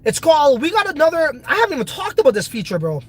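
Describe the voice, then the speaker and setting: A man's voice: extremely high pitch, wildly swooping pitch, fast, low-quality recording. A congested man hosting a casual crypto video, talking in a brash, profane, hyped way. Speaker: crypto project host.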